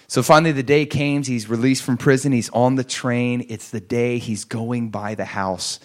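A man preaching, telling a story and acting out the characters' words, swinging between hushed lines and raised, pleading ones. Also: medium pitch, steady tone, normal speed. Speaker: pastor. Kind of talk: sermon storytelling.

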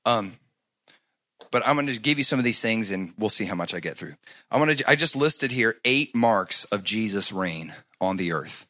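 A man preaching a sermon, moving from loud, emphatic passages to soft, hushed asides and asking the congregation to answer back. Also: fairly low pitch, expressive, normal speed. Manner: talks to the congregation, asks them to answer back. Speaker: pastor.

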